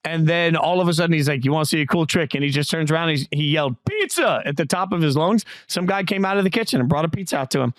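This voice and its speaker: Male sports podcast host, middle-aged, quick animated talker, slightly raised voice, dry close sound. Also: fairly high pitch, dry recording. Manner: animated storyteller, playful voice jumps. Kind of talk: casual sports chat.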